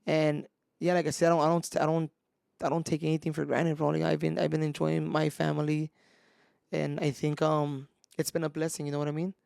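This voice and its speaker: A man's voice: on the high side, completely flat delivery, a little fast, vocal fry, a little mellow, clean tone, no echo, clean studio sound. A young man, a podcast co-host, talking about fatherhood in a laid-back casual chat, calling people "bro" and "dude".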